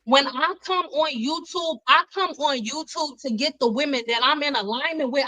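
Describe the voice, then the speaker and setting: A woman's voice: high-pitched, normal speed, hardly any pauses, sharp tone, no echo, poor audio. A woman talking intensely in a heated livestream monologue, emphatic and repeating herself. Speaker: YouTuber, spiritual coach.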